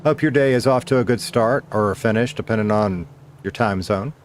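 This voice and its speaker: A man with a lowish voice chats loosely through a game stream, drifting between muttering to himself and greeting viewers. His talk is relaxed and meandering, with a faint hum of noise behind him. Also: a little fast. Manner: rambling, talks to himself and to chat. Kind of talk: casual livestream chat while gaming.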